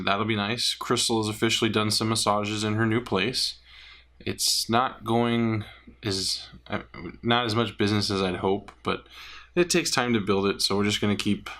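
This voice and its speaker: A man giving a personal weight-loss update, talking candidly and haltingly with many pauses and fillers. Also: on the low side, creaky, fairly bright tone. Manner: candid, rambling, hesitant with many ums. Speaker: vlogger.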